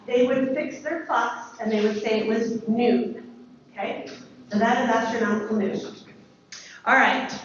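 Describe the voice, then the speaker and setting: A woman teaching a lively classroom lesson, asking the students questions and praising their answers. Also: high voice, slight background noise. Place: school classroom. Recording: echoey classroom from far off, dull.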